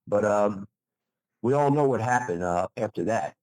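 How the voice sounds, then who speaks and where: A man's voice: lowish voice, animated, normal speed, a little mellow, dry recording, poor audio. Older man, emphatic motivational talk. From USA. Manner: emphatic, repeats phrases for emphasis. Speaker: guest, retired pro bodybuilder. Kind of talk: enthusiastic motivational interview talk.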